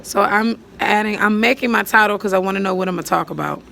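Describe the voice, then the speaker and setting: Woman teacher going step by step, counting syllables out loud, bit of vocal fry, faint hiss behind. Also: mid-range voice, quick pace. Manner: patient, counts syllables aloud, thinks out loud while writing. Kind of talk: step-by-step poetry lesson.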